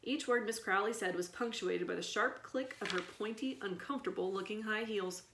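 A woman reading a children's chapter book aloud in an expressive storytelling manner. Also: mid-range voice, normal speed, hardly any pauses, a little hiss or hum. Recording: echoey room.

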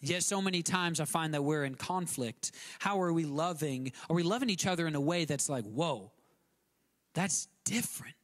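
A man's voice: fairly quick, few pauses. A male guest pastor, preaching a conversational sermon with many restarts, repeated words and acted-out quotes. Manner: acts out quotes with sudden shifts in pitch.

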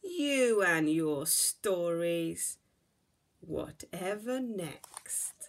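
A woman's voice: a little high, very animated, slow, breathy edge, exaggerated voice. Woman doing a fussing mother bear. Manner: exclaiming, fondly scolding.

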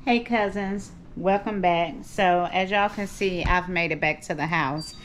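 A woman's voice: on the low side, unhurried, a little hiss or hum. A middle-aged woman vlogging in her kitchen at home, rambling and chatty, calling her viewers cousins. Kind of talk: casual chat to camera.

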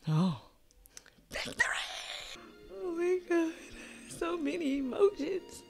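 A young woman, a movie reaction host who chats excitedly and keeps calling her viewers y'all. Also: very high-pitched, slow, creaky, over loud music. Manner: exclamatory, addresses viewers as y'all. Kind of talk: excited casual reaction chat. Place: home room.

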